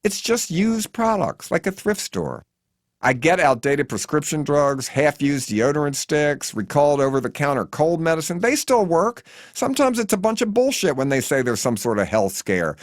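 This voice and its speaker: A man's voice: on the high side, sing-song, moderate pace, no echo, studio quality, voice pushed up. A man voicing a chatty, dotty elderly woman with a nasal, sing-song, off-kilter lilt in an audiobook. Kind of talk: audiobook character voice.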